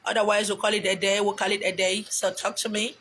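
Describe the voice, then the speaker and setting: A woman's voice: mid-range voice, level tone, fast talker, fairly bright tone, slight background noise. A middle-aged Nigerian woman with a Nigerian accent, talking emotionally and a little preachily as she rambles on her own live video, recorded on a phone. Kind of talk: casual motivational live stream.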